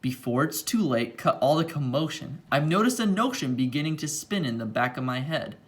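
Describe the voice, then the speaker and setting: A man voicing a quick-thinking female mouse in a storybook, urgent and eager. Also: a little high, expressive, close to an everyday voice.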